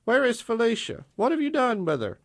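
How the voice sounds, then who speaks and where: A man reading a story voices a proud, quick-tempered woman writer who fires back indignant retorts. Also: very high-pitched, huge pitch swings, pitched above the performer's own voice, exaggerated voice. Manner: sharp retorts, indignant questions.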